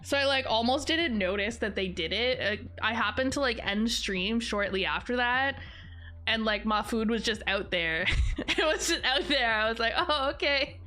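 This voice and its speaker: Bright, chatty young woman streamer. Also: lively intonation, normal speed. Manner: rambling, chatty, bursts into high laughter. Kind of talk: casual live-stream chat.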